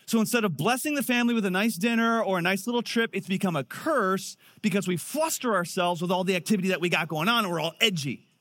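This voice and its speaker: A man in his thirties preaching a sermon in a conversational, animated way. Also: sits high, fast talker, hardly any pauses. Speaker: pastor.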